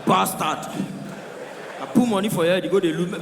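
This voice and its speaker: A man's voice: high voice, fairly quick, vocal fry, some chatter behind, a little hiss or hum. A man with a Nigerian Pidgin accent doing live stand-up, telling stories animatedly and switching into character voices. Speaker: stand-up comedian. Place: large live comedy venue. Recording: echoey hall from far off.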